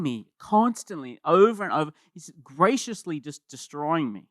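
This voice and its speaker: Animated conversational male pastor preaching. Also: on the high side, moderate pace, hardly any pauses, no echo, clean studio sound. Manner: conversational, animated, repeats words when starting. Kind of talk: sermon.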